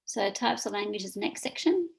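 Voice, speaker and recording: A woman's voice: mid-range voice, animated, fairly quick, gravelly, rough recording. A woman with an Australian accent teaching a recorded lesson over slides, informal and full of fillers.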